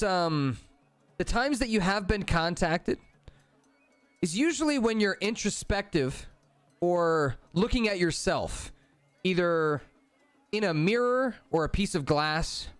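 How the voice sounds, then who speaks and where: A man's voice: on the high side, sing-song, measured pace, pauses often, no room sound, soft background music. A man narrating a tabletop game as game master, casual and rambling with many fillers.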